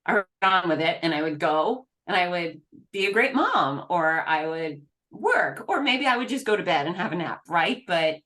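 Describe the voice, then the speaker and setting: A middle-aged woman speaking as an interview guest, earnest and emphatic with frequent quick restarts. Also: fairly low pitch, lively intonation, fairly bright tone. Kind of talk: candid interview talk.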